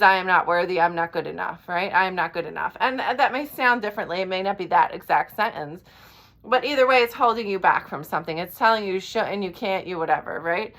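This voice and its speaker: A woman life coach with a medium-pitched, slightly bright voice speaks directly to the camera in an earnest talk. She's blunt, checks in with listeners after each point, and swears casually now and then.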